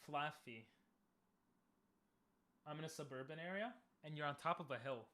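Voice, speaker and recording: A young man casually commenting on a game he is playing, chatting with viewers and bursting into loud cheers. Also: fairly high pitch, normal speed. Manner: talks to chat, asks viewers questions. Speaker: streamer.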